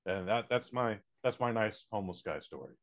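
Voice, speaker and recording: A man's voice: on the low side, expressive, fairly quick. A man co-hosting a podcast in casual chat, telling blunt, profane anecdotes. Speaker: podcast co-host.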